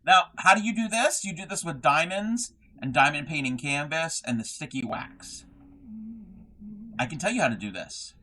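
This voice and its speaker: A young man chats through a home craft livestream, reading viewer messages aloud and wandering off into asides. His voice sits a little high and rings bright and forward. He trails off and restarts often, filling gaps with ums. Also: expressive, moderate pace, a little hiss or hum. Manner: rambling, reads chat aloud, trails off with fillers. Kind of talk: casual livestream chat.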